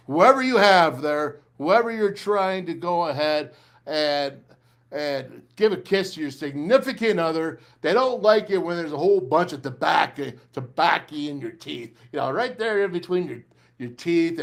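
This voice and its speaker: Middle-aged man, emphatic sports talk host, pitched a touch high. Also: animated, moderate pace. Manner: emphatic, ranting, repeats phrases for punch. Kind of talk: fired-up sports talk and live ad reads.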